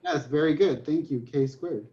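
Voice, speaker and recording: A man's voice: on the high side, lively intonation, normal speed, warm tone. A man in his forties teaching a math class online, chatty and joking, telling stories between problems. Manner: joking, storytelling, chatty with restarts. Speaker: math professor. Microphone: computer mic on a video call. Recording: dull lo-fi online class audio.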